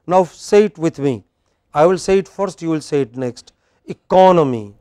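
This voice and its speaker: A man with a fairly high voice runs a patient pronunciation drill, modelling words slowly and cueing each answer with short prompts. The sound is dry and close, with no room echo. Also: warm tone, clear, resonant tone. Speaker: English pronunciation teacher. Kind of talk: classroom drill lesson.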